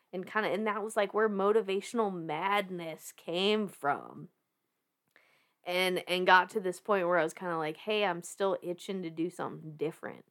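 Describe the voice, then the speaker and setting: On a podcast, a guest in her thirties with a Southern US accent and a mid-range voice tells a story. She sounds casual and animated, breaking into laughter often, swearing, and beginning sentences again.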